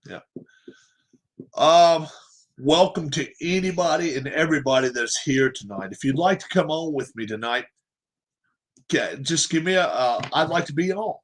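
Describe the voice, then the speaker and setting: Speaking at normal speed with frequent pauses, a fairly high-voiced man hosts a sports livestream. He delivers an opinionated rant, emphatically repeating points and asking rhetorical questions.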